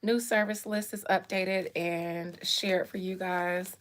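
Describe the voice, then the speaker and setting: A woman hosting a casual livestream, telling stories in a candid, animated way with blunt language. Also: fairly low pitch, slow pace. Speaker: real estate agent and livestream host.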